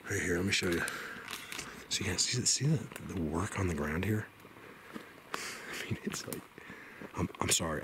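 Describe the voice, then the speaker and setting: A man filming a vlog in a forest, talking excitedly, stammering, and sometimes dropping to a whisper. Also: lowish voice, background noise. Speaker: Bigfoot hunter vlogger. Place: forest outdoors.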